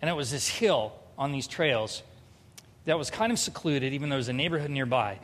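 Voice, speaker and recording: A pastor delivers a funny, confessional sermon, acting out snippets of dialogue while he tells a story from his own life. His medium-pitched voice is lively, fairly quick, and a little bright, and a long hall reverb hangs on the recording.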